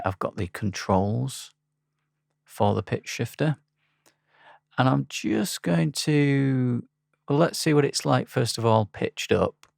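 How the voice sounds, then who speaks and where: A man with a low, gravelly voice walks through a software tutorial. He speaks in a relaxed, halting way and often pauses on an um. The sound is dry and close. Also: no room sound. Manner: relaxed, halting, with frequent ums. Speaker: instructor. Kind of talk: screen-recorded software tutorial.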